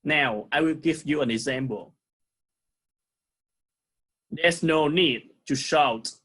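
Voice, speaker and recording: Guy w/ vietnamese accent teaching kids english, slow and patient, says everything twice. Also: on the high side, a bit bright, breathy edge. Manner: slow, repeats words for pupils to echo. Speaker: primary school English teacher. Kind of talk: recorded online lesson.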